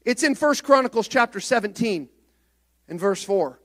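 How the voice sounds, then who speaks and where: A male pastor preaching a sermon, moving between soft, low passages and loud, rising exhortation. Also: expressive, moderate pace.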